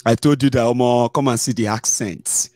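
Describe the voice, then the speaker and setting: A man with a Nigerian accent hosts a political livestream in a medium-pitched, slightly mellow voice with fairly even intonation at normal speed. Chatty and digressive, he slips into pidgin and uses many fillers.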